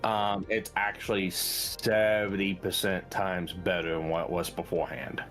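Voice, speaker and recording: A man with a slight lisp and slur, chatting slowly and haltingly as a guest on a live stream. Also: low-pitched, flat delivery, a bit bright, faint music behind. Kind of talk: casual chat.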